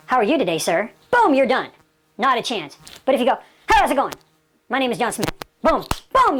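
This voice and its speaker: A woman giving a sales coaching talk, emphatic and full of rhetorical questions, with personal anecdotes. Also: on the high side. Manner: tells personal anecdotes, laughs now and then. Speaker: sales trainer.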